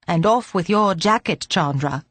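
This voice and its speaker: A woman's voice: fairly low pitch, lively intonation, a little slow, a bit bright, dry recording. A woman reading an audiobook, voicing a very old man who speaks dryly and fretfully. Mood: kindly. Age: older. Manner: dry, fretful.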